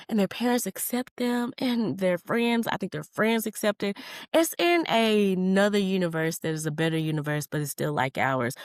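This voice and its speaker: A woman's voice: medium pitch, no room sound, studio quality. A woman in her thirties hosting a solo podcast, candid and profane, drifting between tangents and calling listeners honey. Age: 30s. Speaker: podcast host.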